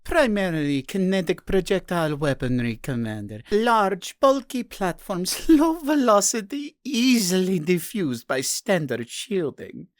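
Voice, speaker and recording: A thin, twittering alien underling, his voice jumping high and all over the place. He reports in a slow, chirpy, servile way, like a story's nervous bridge officer. Dry, close recording. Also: very animated, no echo. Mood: reporting.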